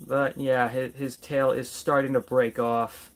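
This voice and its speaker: A man's voice: mid-range voice, level tone, unhurried, a little hiss or hum. A man doing a casual toy review vlog, playfully chatting to his figures as if they were people.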